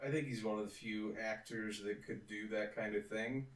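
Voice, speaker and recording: A man's voice: lowish voice, steady tone, moderate pace, recorded from a distance. Joking young man, echoey and off-mic. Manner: joking, profane, storytelling. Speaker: podcast co-host. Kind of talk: casual chat. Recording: roomy echo, off-mic.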